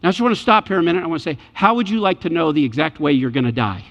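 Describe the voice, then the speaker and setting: A man preaching a sermon in a church, animated and acting out the voices in the scripture scenes he retells. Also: a little high, very fast, gravelly. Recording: muffled church hall reverb.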